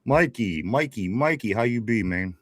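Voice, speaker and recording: This is a man in his forties with a Pittsburgh accent, co-hosting a laid-back sports show. His voice sits a little low but moves a lot, and he circles back to the same greetings again and again. The sound is dry and close. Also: lively intonation, normal speed, a bit bright, no room sound. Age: 40s. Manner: rambling, repeats greetings, laughs often. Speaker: podcast co-host. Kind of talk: casual sports talk show.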